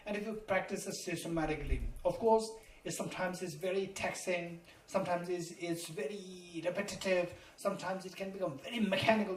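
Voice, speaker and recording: A man's voice: high-pitched, a little fast. Man teaching in a roomy hall. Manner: emphatic and repetitive, spells terms letter by letter. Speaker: Buddhist teacher. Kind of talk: dharma lecture. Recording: roomy, distant mic, faint noise.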